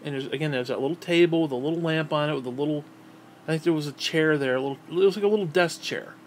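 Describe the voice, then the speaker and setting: A man in his thirties with a fairly high voice tells an old memory in loose, casual storytelling. He swears freely and trips over repeated words as he goes. A faint background hum sits under his voice. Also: quick pace. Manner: profane, rambling, repeats and restarts words. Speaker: vlogger.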